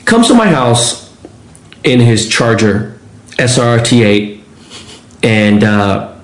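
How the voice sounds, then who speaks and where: Podcast guest, male, animated storyteller, profane, acts out the other people in his stories. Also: mid-range voice, takes it slowly. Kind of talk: casual storytelling.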